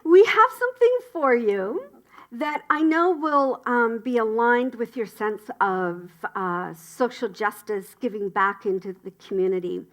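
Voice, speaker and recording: Woman announcer for a spiritual community gathering: high, bright voice, unhurried delivery, warm cheering enthusiasm. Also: animated, muffled recording. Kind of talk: upbeat church announcements.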